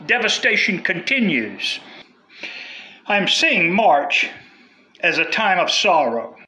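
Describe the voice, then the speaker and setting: A man's voice: high-pitched, sing-song, slow, pushed and bright. A man delivering a prophetic word with solemn, chanting repetition. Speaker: prophetic speaker.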